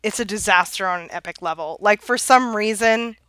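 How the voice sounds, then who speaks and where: A woman's voice: medium pitch, fairly quick, bright, forceful tone, smooth, dry recording. A woman chatting casually as a podcast co-host, laughing often and trailing off into fillers while she tells stories. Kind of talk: casual chat.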